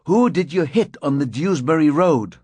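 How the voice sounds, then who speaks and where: A man's voice: fairly high pitch, lively intonation, moderate pace, a little mellow, slightly rough, no echo, pitched above the performer's own voice. A man voicing a young male crime reporter who presses hard with insistent questions, in an audiobook reading. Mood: pressing.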